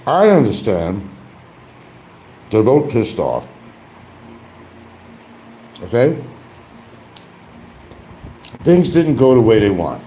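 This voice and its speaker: A man's voice: mid-range voice, big pitch swings, drawn-out words, pauses often, warm tone, slight background noise, rough recording. A man talking casually on a livestream, blunt and combative, with rambling asides. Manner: eating while talking at times.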